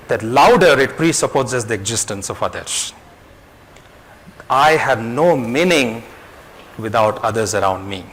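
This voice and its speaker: A man's voice: mid-range voice, a bit bright, a little hiss or hum, poor audio. A man giving a motivational talk to an audience, speaking emphatically, repeating his key phrases and telling a parable.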